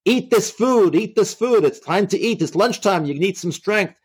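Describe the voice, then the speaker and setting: A man voicing harsh male soldiers who bark orders in a raised, high voice. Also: lively intonation, normal speed, husky. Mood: yelling. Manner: shouted, high, commanding orders.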